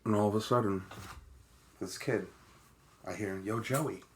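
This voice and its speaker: A man with a Long Island accent co-hosting a podcast, telling stories in a lively, casual way and dropping "bro" and "dude" often. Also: lowish voice, measured pace, a little hiss or hum. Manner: animated storyteller, says "bro" and "dude" often. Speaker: podcast co-host. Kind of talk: casual chat.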